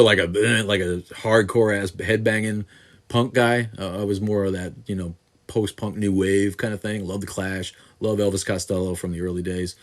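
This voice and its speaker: A man in his sixties hosting a casual live-stream Q&A, answering viewers in a rambling, profane way with many restarts. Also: sits low. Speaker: host answering viewer questions. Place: home studio in southeast Wisconsin.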